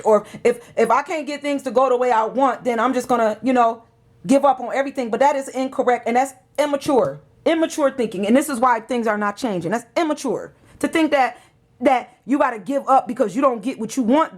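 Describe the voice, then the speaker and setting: A woman giving a tarot reading, emotional and preachy, urging the listener on. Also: high voice. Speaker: tarot reader.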